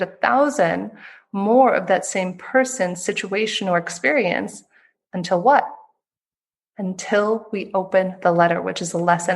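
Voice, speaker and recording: Expressive woman telling stories. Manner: expressive, acts out quoted voices with pitch jumps. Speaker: guest author. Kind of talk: animated storytelling in an interview.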